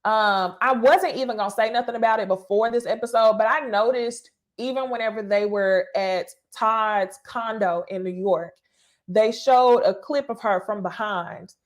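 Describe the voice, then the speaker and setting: Animated woman recapping reality TV. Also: on the high side, moderate pace. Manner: animated, profane, laughing asides to viewers. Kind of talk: casual recap commentary.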